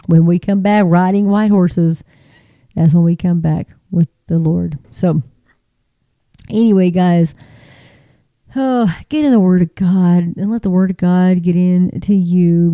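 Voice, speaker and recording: A woman's voice: lowish voice, no room sound, lo-fi sound. A woman giving a casual Christian testimony, chatty and emphatic with folksy phrasing. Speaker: Christian speaker.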